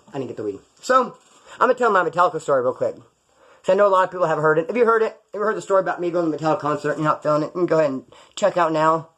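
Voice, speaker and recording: Middle-aged man, rapid rambling storyteller, slightly high voice, swears a lot, jokes at his own expense. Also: fairly bright tone. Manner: rambling, profane, jokey. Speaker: ex-prisoner storyteller. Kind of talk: casual storytelling to camera.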